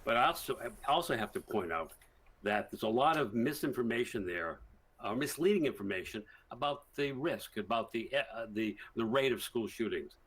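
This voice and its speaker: Husky-voiced man explaining statistics. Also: medium pitch, expressive, a bit bright, low-quality recording. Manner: measured, explanatory, stresses statistics. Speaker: criminology professor, guest expert. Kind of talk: remote TV news interview.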